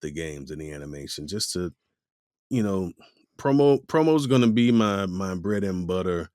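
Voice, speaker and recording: A voice actor guest speaks at normal speed in a low voice, chatting casually in an interview and animatedly performing the voices he quotes. No room sound comes through the clean studio recording.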